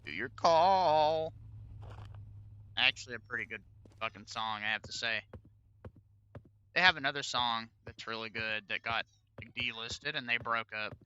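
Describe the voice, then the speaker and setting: A man's voice: medium pitch, steady tone, moderate pace, bright, forceful tone, clean tone, lo-fi sound. A man streaming a video game, chatting casually with lots of swearing and reading the on-screen dialogue aloud. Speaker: gaming streamer. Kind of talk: casual let's-play commentary.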